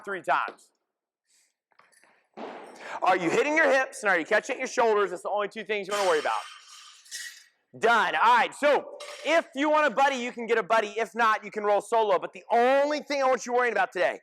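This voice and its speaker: A fitness coach with a high-pitched male voice leads a group class. He talks in short, energetic commands and calls out cues as his class moves. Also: brisk, long pauses. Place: gym class.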